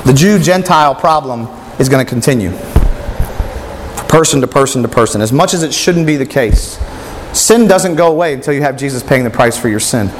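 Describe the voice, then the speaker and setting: A man preaching a sermon in a fairly high voice, pressing his listeners with rhetorical questions as he works through scripture. His words ring out with a long reverb, and there is a faint hiss of noise underneath.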